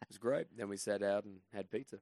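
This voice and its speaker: A man with a fairly low voice tells rambling, self-deprecating stories as a podcast guest. He sounds casual and chatty. The close mic gives a dry sound with no room echo. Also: fairly quick, creaky, darkish tone. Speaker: guest comedian.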